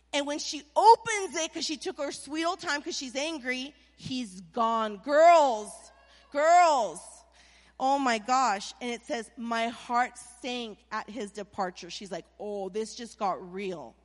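A woman preaching a sermon in a lively, playful way, speaking straight to her congregation. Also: high-pitched, a little slow, long reverb tail. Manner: animated, playful, addresses the crowd directly.

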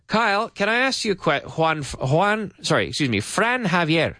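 A man's voice: high voice, big pitch swings, sharp tone, no echo, studio quality. Canadian man teaching English on radio. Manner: friendly, explaining slowly with examples, reading listener messages. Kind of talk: live radio English lesson. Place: radio studio.

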